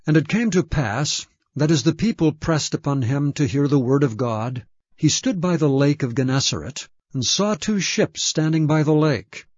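A man giving a measured, solemn scripture reading. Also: on the high side, lively intonation, darkish tone, dry recording. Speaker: scripture reader. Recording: dull, dry lo-fi recording.

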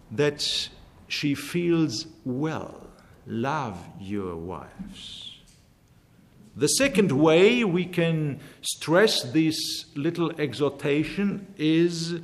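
Slow, emphatic male preacher in a hall. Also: a little high, gravelly. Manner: measured, emphatic, repeats key phrases slowly. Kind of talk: sermon. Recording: long hall reverb.

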